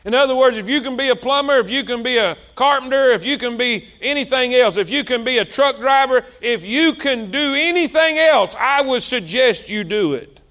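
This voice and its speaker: A male pastor, preaching a sermon with passion, repeating himself and swinging between loud and soft. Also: extremely high pitch, lively intonation, normal speed, hardly any pauses.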